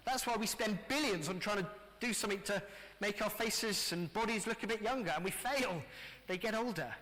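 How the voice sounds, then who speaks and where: A middle-aged English man preaching a lively family sermon in church, often speaking to the children. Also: high-pitched, fairly quick. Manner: lively, addressing children directly. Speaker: pastor. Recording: church hall reverb.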